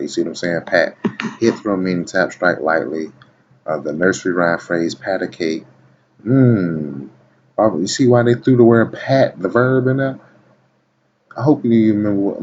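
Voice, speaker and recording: A video blogger reads dictionary entries aloud in a casual video, often stopping to tell the listener to watch and keep listening. His voice sits low with a darkish tone at normal speed, captured in a dull lo-fi recording with faint background noise.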